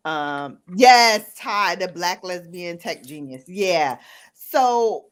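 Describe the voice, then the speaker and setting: A woman hosting a casual chat while doing her makeup, talking about a TV show in a chatty, animated way. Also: fairly low pitch, slow pace. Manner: chatty, animated, recounting shows. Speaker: host.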